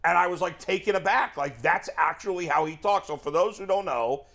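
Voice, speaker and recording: A man hosting a sports talk show, telling a story in lively casual chat. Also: high-pitched, brisk, creaky.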